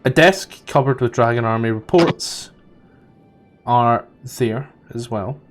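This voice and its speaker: A man's voice: medium pitch, slow pace. A male game master runs a tabletop session and describes the scenes casually. He rambles, stalls, and swears when he loses his train of thought. Faint music plays underneath.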